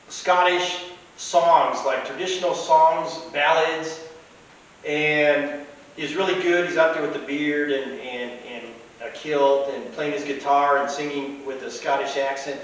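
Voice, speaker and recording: A man's voice: fairly high pitch, fairly bright tone. Rambling man in an echoey room. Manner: rambling, with frequent fillers and restarts. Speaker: podcast host. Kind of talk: casual anecdotal storytelling. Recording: very echoey room, mic at a distance, faint hiss.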